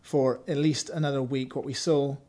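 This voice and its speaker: A man's voice: mid-range voice, steady tone, normal speed, warm tone. A man who writes for a games magazine, telling a wry, self-mocking anecdote in casual podcast chat.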